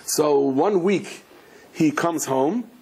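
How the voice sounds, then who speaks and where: A husky-voiced rabbi gives a lively Torah lecture, his voice sitting a little high for a man. He tells stories as he teaches and mixes Hebrew and Yiddish terms into his English. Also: drawn-out words. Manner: acts out the characters in a story with sudden high, shouting outbursts. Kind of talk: animated Torah lecture with storytelling.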